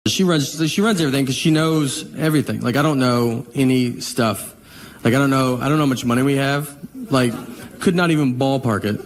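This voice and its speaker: A man performing a stand-up comedy set, telling bewildered, deadpan stories and acting out quotes, with audience laughter between lines. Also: mid-range voice, fairly quick, background noise. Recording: live audience laughter behind.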